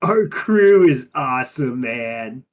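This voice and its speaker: In an improvised in-character interview, a performer plays a laid-back undine monk who drawls in surfer slang. The voice is medium-pitched and expressive, taking things slowly.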